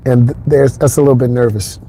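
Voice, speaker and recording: Recorded on a phone via a wireless clip-on mic, this clip has a man who teaches driving talking casually and rambling as he drives on an expressway. He speaks a little fast at a medium pitch with fairly even intonation and vocal fry, and there's background noise.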